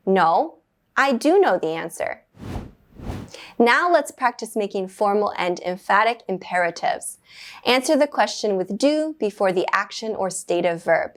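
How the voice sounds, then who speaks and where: A woman teaching beginner English grammar from a script. She speaks clearly and at a measured rate, and her voice lifts brightly whenever she praises the learner. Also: mid-range voice, big pitch swings, slight background noise.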